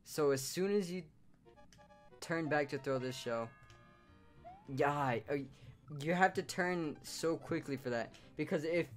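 A man giving casual commentary over his own gameplay, with hiccups, swinging between loud surprised outbursts and low muttering. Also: unhurried, pauses often, faint music behind. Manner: excitable, shouts in surprise then mutters low. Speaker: gaming YouTuber.

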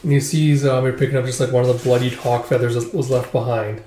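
A man's voice: mid-range voice, flat delivery, quick pace, warm tone, slight background noise. A man recapping a manga in a casual vlog, rambling with lots of "it's like" and "just, like" between his summaries. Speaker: manga reviewer. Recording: roomy echo.

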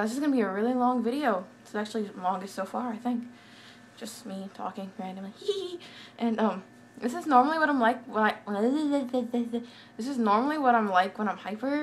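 A young woman chats to her viewers in a scattered, giggly rush, hopping between topics. Her voice sits at a middling pitch for a woman, with a faint hiss of background noise. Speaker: vlogger. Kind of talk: casual hyper rambling chat.

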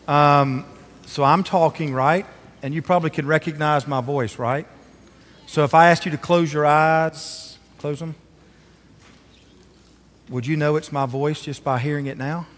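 A chatty pastor talks with children during a church service and keeps asking them questions. His voice sits somewhat high for a man. A long reverb from the sanctuary trails behind every word. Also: measured pace, pauses often, fairly bright tone. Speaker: pastor leading a children's moment. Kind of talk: children's sermon and prayer.

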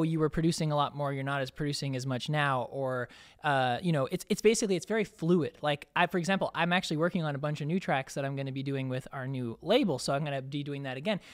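A man's voice: on the high side, no room sound, clean studio sound. A man hosting a casual podcast conversation in a room, speaking in a reflective, encouraging way. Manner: reflective, encouraging, with frequent restarts. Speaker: podcast host. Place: room in Nashville.

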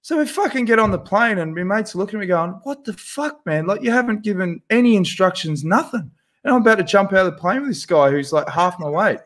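A man, a podcast co-host telling a profane, animated anecdote in casual chat. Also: high voice, fast talker, few pauses. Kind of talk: casual storytelling.

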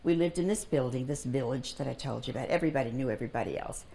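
Woman in her nineties, low voice, calm unhurried storyteller for an oral history. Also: gravelly. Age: 90s. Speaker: interviewee. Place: library reading room.

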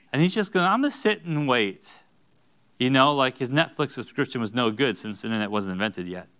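A man preaching a sermon in a church sanctuary, his pitch leaping up and down as he jokes and acts out quotes. His voice is bright and forward. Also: clean tone. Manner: animated, joking asides and acted-out quotes. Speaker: pastor.

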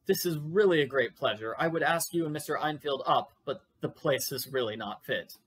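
A man's voice: normal speed, a bit bright, husky. Man reading as a dreary, gloomy doctor. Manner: dreary, low and sad. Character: melancholy Victorian doctor, gloomy and withdrawn.

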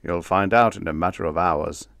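A man's voice: sits low, normal speed, creaky, fairly bright tone, no echo, studio quality. A man voicing a pompous, blustering army general who is boastful and bossy. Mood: proud.

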